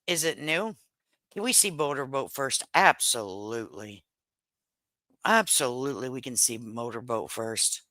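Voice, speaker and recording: A woman's voice: rumbling low, expressive, measured pace, bright, forceful tone, no room sound, rough recording. A middle-aged woman, chatting casually and laughing on a live stream, speaking into a headset mic at home. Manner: chatty, laughs often, Southern slang. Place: home kitchen. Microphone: headset microphone.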